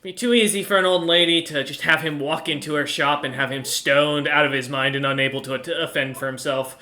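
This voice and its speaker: A man's voice: fairly high pitch, steady tone, fairly quick, sharp tone. A man doing a scheming old granny shopkeeper. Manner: folksy, gossipy, grandmotherly drawl.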